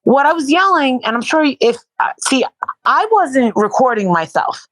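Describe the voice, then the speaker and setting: A woman's voice: high voice, very animated, normal speed, a bit bright, no echo, low-quality recording. A woman being interviewed in casual chat, talking bluntly and profanely and repeating herself in bursts. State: sore and worn out from protesting. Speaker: interview guest.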